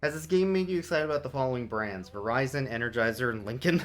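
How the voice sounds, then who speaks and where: A man's voice: medium pitch, fast, hardly any pauses. A man streaming a video game, chatting casually with his viewers, swearing and laughing, and cooing at his cat. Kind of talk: casual gameplay commentary.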